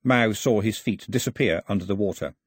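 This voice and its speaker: A man narrating an audiobook in an expressive storytelling manner. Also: fairly low pitch, fairly quick, breathy edge, no echo, studio quality.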